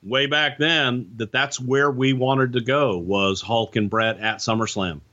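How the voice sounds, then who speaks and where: A man's voice: medium pitch, steady tone, a little slow, bright, forceful tone. A man on a podcast recalling backstage wrestling politics in a rambling, casual way, full of "you know" and restarts. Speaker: former wrestling insider guest. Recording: dull lo-fi sound.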